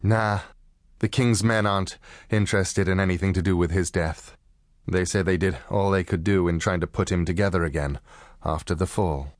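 A man reading an audiobook and voicing a cool, determined woman client, husky and lowered. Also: steady tone, normal speed, dry recording, clean studio sound, close to an everyday voice. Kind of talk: audiobook character voice.

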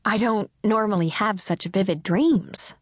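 A woman voicing a sardonic, self-mocking teenage girl who talks quickly and chattily. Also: mid-range voice, dry recording, studio quality, natural voice. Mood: chatty.

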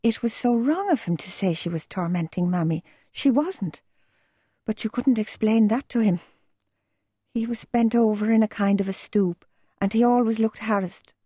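A woman narrating an audiobook in a measured, gentle storytelling manner. Her voice is on the low side, mellow and warm with a soft husky grain. It is recorded close and dry, with no room sound. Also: dry recording. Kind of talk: scripted narration.

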